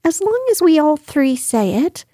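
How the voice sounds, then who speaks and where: Woman doing Piglet, a small squeaky piglet. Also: sing-song, unhurried, mellow, no echo, clean studio sound. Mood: timid. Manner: eager, anxious. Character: timid small young male piglet. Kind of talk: storybook reading.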